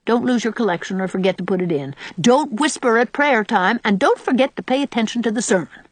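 A woman's voice: fairly high pitch, expressive, brisk, dry recording, voice pushed up. A woman voicing a bossy older village woman who scolds severely. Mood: scolding.

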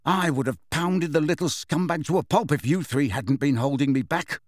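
A man plays a surly, hot-tempered teenage boy in a dry, studio-quality recording. He pitches his voice fairly high, above his own natural voice yet close to everyday speech, at a moderate pace.

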